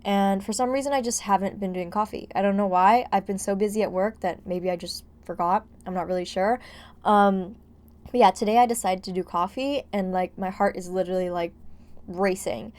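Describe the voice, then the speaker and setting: A woman's voice: mid-range voice, moderate pace, darkish tone. A young woman gives a casual, rambling voice-over about her game build. She is out of breath and jittery from caffeine and fills her talk with "like". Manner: chatty, rambling, heavy use of "like". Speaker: gaming vlogger.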